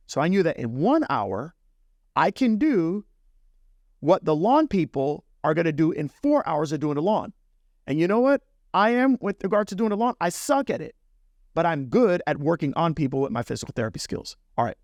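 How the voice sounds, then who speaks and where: A man's voice: fairly high pitch, dry recording, clean studio sound. A middle-aged man hosting a business talk, telling a personal story in a casual, conversational way and speaking straight to the listener. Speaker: podcast host.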